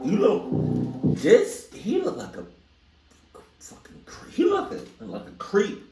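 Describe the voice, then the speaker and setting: A man's voice: high voice, wildly swooping pitch, slow pace, gravelly, mellow, soft background music. A young man hosting a reaction video, blunt, profane and incredulous in casual commentary. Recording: roomy, distant mic.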